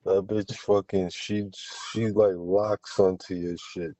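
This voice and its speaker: A man's voice: sits low, flat delivery, takes it slowly, dark tone, no room sound, low-quality recording. A man co-hosting a podcast, bragging crudely in casual banter and laughing often. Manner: crude, boastful, laughs a lot. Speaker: podcast co-host.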